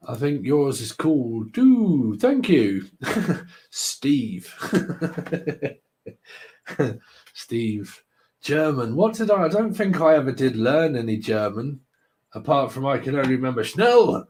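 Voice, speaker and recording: A man's voice: medium pitch, sing-song, takes it slowly, long pauses, a little mellow, a little hiss or hum. A man hosting a live tarot stream, chatting casually with viewers, joking and laughing often. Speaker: tarot livestream host.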